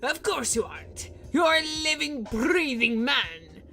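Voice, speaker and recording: A man's voice: very high voice, sing-song, takes it slowly, creaky, sharp tone, soft background music, pitched above the performer's own voice, heavily acted. A woman voicing a mysterious masked man in a game, speaking formally and cryptically in a theatrical put-on accent. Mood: solemn.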